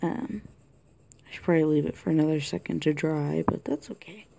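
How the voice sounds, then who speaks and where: A woman talking through a colored-pencil tutorial in a chatty way, thinking aloud and often dropping to a soft whisper. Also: sits low, fairly quick, vocal fry. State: has the hiccups. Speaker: art tutorial host. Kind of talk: casual drawing tutorial narration. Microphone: camera mic close to the desk.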